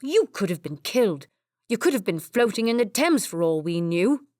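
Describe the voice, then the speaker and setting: A woman voicing Edward, a young nobleman who loses his temper and yells at his brother. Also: mid-range voice, very animated, moderate pace, dry recording, clean studio sound, close to an everyday voice. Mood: angry. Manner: yelling, scolding.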